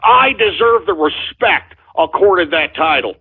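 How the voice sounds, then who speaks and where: His voice sits high and is animated, with a breathy edge and a measured pace. He's a radio call-in host who furiously rants, uses profanity toward listeners and screams insults at trolls, recorded with a tinny, phone-like quality.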